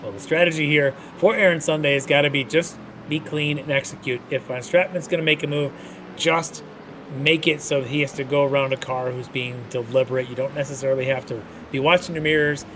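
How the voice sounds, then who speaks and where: A man's voice: on the high side, fairly even intonation, a little fast, noisy background. A man commentating an online sim race, mixing race calls with jokey banter. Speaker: play-by-play commentator.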